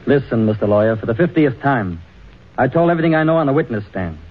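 A man's voice: medium pitch, expressive, fast, a little hiss or hum, lightly acted. A man playing a defiant, sneering prisoner in a 1940s radio play. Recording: dull old radio recording.

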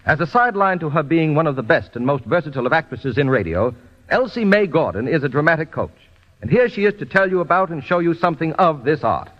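A man announces and hosts an old radio program, fast and polished, with a somewhat raised voice. The sound is lo-fi and dull, with a long reverb around it. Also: a little high, big pitch swings. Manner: brisk, polished announcer delivery.

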